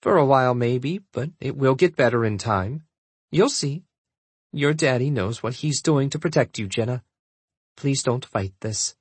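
A worried, overbearing mother, as a man plays her in an audiobook, pleading and insistent. The voice is husky and sits low. The sound is dry and close. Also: lively intonation, a little slow, dry recording. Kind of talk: audiobook character voice.

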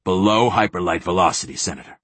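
Guy doing a curt deadpan admiral, low husky voice, dry sound. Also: quick pace, dry recording. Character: cold, clipped middle-aged male fleet admiral.

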